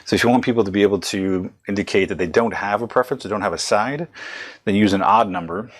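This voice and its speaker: Low-voiced rambling male lecturer. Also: fast talker. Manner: rambling, self-correcting, conversational. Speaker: psychology lecturer. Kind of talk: recorded lecture.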